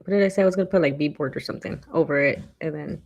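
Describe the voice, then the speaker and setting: A woman's voice: sits low, racing, darkish tone, muffled recording. A woman co-hosting a casual chat, talking loosely with lots of fillers and acting out quotes animatedly. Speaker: podcast co-host.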